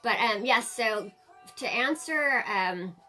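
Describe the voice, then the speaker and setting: A woman's voice: a little high, lively intonation, takes it slowly, sharp tone, faint music behind. Chatty woman in her forties. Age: 40s. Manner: chatty, laughs often, talks to viewers and a child helper. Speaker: makeup tutorial host. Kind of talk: casual live-stream makeup tutorial.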